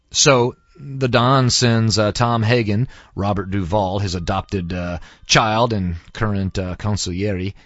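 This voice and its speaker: A man's voice: lowish voice, a bit bright, dry recording. A man, a student, casually retelling a film with lots of fillers, in a dull, lo-fi recording with faint music. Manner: rambling, many fillers.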